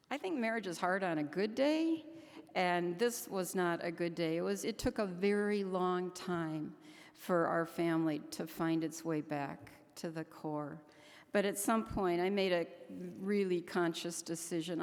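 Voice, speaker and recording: An older woman speaks earnestly from a conference stage, her low voice carrying through a large, echoing hall. She talks haltingly, often restarting her sentences as she goes. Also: a little mellow. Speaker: keynote speaker. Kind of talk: conference speech. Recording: echoey hall.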